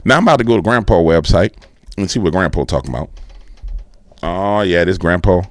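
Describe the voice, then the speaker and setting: A man hosting casual political commentary, animated and slangy, with playful sound effects. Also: deep voice, fairly quick, no room sound.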